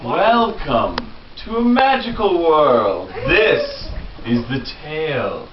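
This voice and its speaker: A man's voice: on the high side, big pitch swings, slow pace. A man telling his young nieces a made-up fairy tale in a playful way, often chuckling. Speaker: uncle telling a story to young children. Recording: distant, muffled, echoey, loud hiss.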